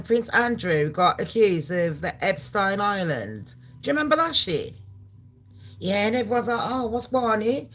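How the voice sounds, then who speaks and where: Brash profane woman host. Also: on the high side. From Jamaica. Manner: brash, profane, swings loud and animated. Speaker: channel host. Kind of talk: casual live-stream chat.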